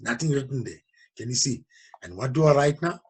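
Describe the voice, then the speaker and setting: Man, teacher, revision lesson, very raspy voice, animated pitch, keeps checking understanding. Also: fairly quick. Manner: repeatedly checks understanding with "okay?" and "you understand?". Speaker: geography teacher.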